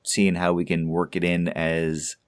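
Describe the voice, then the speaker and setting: A man's voice: deep voice, monotone, a little slow. A man co-hosting a casual podcast, rambling along with stammered restarts and little chuckles. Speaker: podcast co-host.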